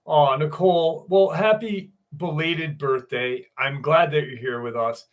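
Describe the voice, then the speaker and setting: Slow-talking man in his sixties. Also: a little high. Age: 60s. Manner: casual, profane, greets chat viewers by name. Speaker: livestream host. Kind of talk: casual livestream chat. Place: home.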